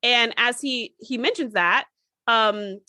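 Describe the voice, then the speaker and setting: A woman's voice: fairly high pitch, slow pace, bright, forceful tone, no room sound, studio quality. A woman co-hosting a podcast, chatting emphatically and acting out quotes from an episode. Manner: emphatic, acts out quotes with big jumps. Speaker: podcast co-host. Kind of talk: casual chat recapping an episode.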